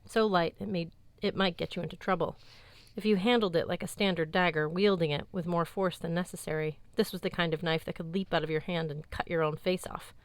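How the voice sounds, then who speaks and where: A woman narrating an audiobook in a measured, even tone, recorded close on a studio mic. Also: lowish voice, no echo. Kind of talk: scripted narration.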